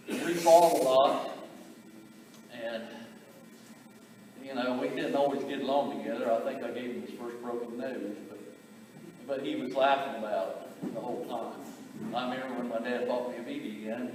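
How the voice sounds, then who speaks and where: A man giving a eulogy for his brother, telling family stories in a halting way, repeating words and chuckling. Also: mid-range voice, fairly even intonation, darkish tone, slight background noise. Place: memorial gathering in a large hall. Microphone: distant camera. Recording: echoey hall from far off.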